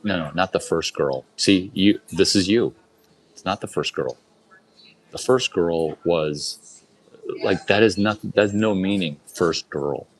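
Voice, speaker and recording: A man's voice: deep voice, takes it slowly, rough recording. A man doing crude, boastful stand-up on a club stage, rambling through a story and talking straight to the crowd. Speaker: open-mic performer.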